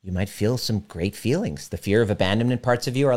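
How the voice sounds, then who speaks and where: A man working as a relationship coach, talking directly and emphatically to a live audience and slowing down to guide a visualization. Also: fairly low pitch, lively intonation, darkish tone.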